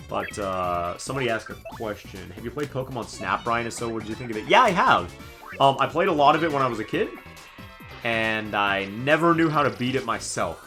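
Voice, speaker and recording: A man in his twenties casually commenting on a live game stream, animated and joking with viewers. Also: lowish voice. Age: 20s. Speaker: let's play streamer.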